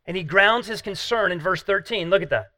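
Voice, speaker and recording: A man's voice: high voice, a little fast, bright, forceful tone, no echo. A man preaching a sermon as pastor, earnest and emphatic, asking the listeners rhetorical questions.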